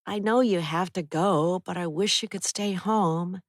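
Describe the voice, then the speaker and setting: A woman's voice: on the low side, unhurried, no echo, clean studio sound, pitched above the performer's own voice, natural voice. A woman reading the part of a worried, practical young adult daughter in an audiobook, with tired replies. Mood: weary. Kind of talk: audiobook character voice.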